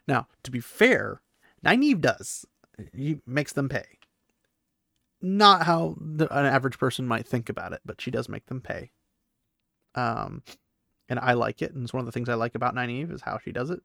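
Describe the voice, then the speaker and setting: A man's voice: medium pitch, creaky, fairly bright tone, dry recording, studio quality. A young man giving a casual, chatty chapter recap with laughing asides and lots of fillers. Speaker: book recap vlogger.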